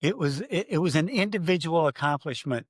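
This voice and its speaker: An older man, a former race announcer, telling stories in an interview and acting out his own loud calls. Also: on the high side, fairly quick, dry recording, clean studio sound. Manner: animated storyteller, acts out his own calls loudly. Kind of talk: conversational storytelling interview.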